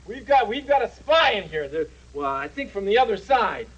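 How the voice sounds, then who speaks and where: In a 1970s TV puppet comedy, a man voices a boastful but good-natured male dragon who keeps running for office, delivering pompous, rambling patter. The voice is high and very animated at a normal speed, with lo-fi sound and background noise.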